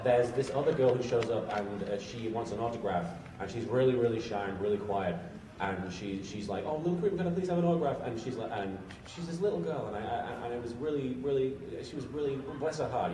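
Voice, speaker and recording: A man telling a rambling anecdote to a convention panel audience, often restarting his sentences. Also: mid-range voice. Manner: rambling, self-interrupting anecdote teller. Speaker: panel guest. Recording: roomy, far from the mic, crowd noise.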